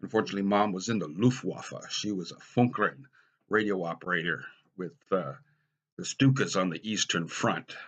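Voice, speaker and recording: A middle-aged American man with a low, husky voice tells personal stories in a dry, deadpan way. His tone is bright and forceful, and the humor stays wry. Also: moderate pace. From United States. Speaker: storyteller. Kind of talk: stand-up style personal storytelling.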